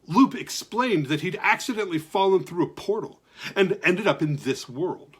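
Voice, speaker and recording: Husky, lively male storyteller. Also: high-pitched, normal speed. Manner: lively, expressive narration. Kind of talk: reading a children's story aloud.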